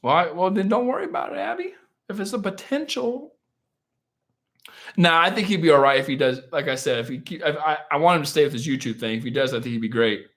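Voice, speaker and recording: Joking man with a lively voice. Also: a little high, fast talker. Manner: joking, self-mocking, laughs often; rambling, answers chat questions. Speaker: live-stream host. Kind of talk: casual live-stream chat.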